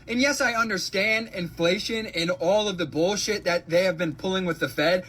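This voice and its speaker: A man's voice: sits high, normal speed, hardly any pauses, pushed and bright. A man ranting to camera in an exasperated, sarcastic way, swearing as he goes. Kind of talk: frustrated rant to camera.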